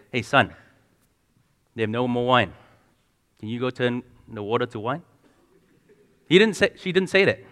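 A man's voice: medium pitch, a bit bright, long reverb tail. A man preaching a sermon in a conversational way, asking the congregation questions and often restarting and repeating words.

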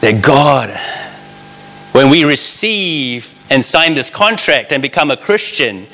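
A man preaches a sermon in a bright, forceful voice, speaking earnestly and directly to his listeners in a plain, conversational way. His words ring out in a large hall, with a long reverb trailing behind each phrase. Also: mid-range voice, sing-song, takes it slowly.

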